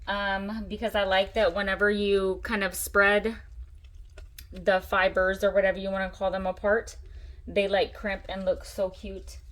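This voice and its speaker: A woman hosting a casual crafting tutorial, chatty and excitable, gushing over her supplies. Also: medium pitch, unhurried. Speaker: craft channel host.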